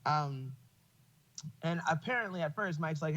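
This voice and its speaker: A man talking in a casual podcast chat, opinionated and profane, often breaking into laughter mid-story. His voice sits a bit high for a man. The sound is dull and lo-fi. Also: normal speed. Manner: profane, opinionated, laughs while telling stories. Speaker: podcast host.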